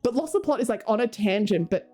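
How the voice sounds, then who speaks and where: A woman's voice: on the high side, expressive, fast, mellow. A young Australian woman streaming, chatting casually with her viewers and reading chat aloud, laughing often. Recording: faint music behind.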